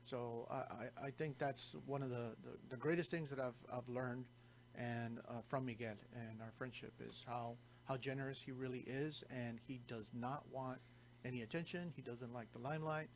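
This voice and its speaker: A man talking as a guest on local radio, speaking haltingly with restarts, in English and Spanish. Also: mid-range voice, steady tone, slight background noise. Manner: halting, many restarts and fillers. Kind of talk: casual radio talk.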